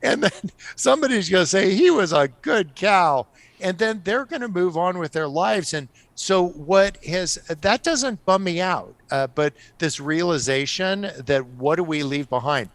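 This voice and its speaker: A middle-aged man telling stories on a podcast as a guest, animated and often laughing. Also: high voice, normal speed, no room sound. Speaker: guest author. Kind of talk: casual storytelling on a podcast.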